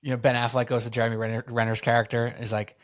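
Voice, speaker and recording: A man's voice: mid-range voice, flat delivery, racing. A young man co-hosting a sports podcast, talking in a laid-back, slangy way with lots of "like" and "man". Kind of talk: casual sports chat.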